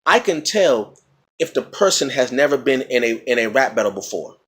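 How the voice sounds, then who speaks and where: Man, mid-pitched, husky, teacherly vlog explainer who repeats examples. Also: very animated, moderate pace, a bit bright. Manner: teacherly, repeats words and checks in with "okay?". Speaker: vlogger explaining battle rap. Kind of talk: casual explanatory talk.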